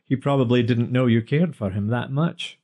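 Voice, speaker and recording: A steady, deep-voiced police inspector, calm and protective with a dry, teasing edge, as a male narrator plays him. The tone is warm and mellow, read at an even middle pitch for an audiobook. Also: moderate pace, lightly acted.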